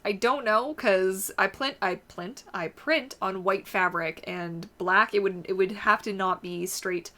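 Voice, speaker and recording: Woman doing a laid back livestream, chatty, answers viewer comments, mid pitch voice. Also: unhurried, few pauses, sharp tone. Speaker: livestream host. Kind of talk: casual livestream chat.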